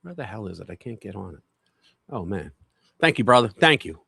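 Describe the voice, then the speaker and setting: Mocking, animated livestream host man. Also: fairly low pitch, brisk, creaky, husky, dry recording, clean studio sound. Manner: mocking, rambling, laughs often. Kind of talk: casual political commentary.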